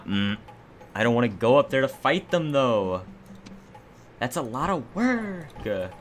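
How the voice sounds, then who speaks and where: Joking, low-voiced gameplay commentator man. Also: fairly bright tone. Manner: joking, sarcastic, mock-dramatic. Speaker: let's play host.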